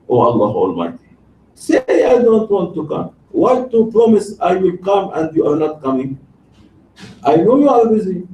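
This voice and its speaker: A man's voice: high voice, vocal fry, mellow. A man voicing an angry prophet in a sermon story, scolding with a raised, heated voice. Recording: roomy, distant mic, faint background noise.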